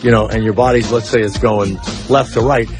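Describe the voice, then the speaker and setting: A man's voice: fairly low pitch, fairly even intonation, brisk, over music. A man hosting a talk radio show, telling stories in a brash, casual way and swearing freely. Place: radio studio.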